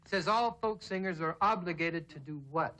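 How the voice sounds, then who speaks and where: A man's voice: sits high, moderate pace. A man playing the bossy, exasperated straight man in a comedy folk song routine, on a 1960s TV stage. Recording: 1960s TV soundstage with loud guitar and audience.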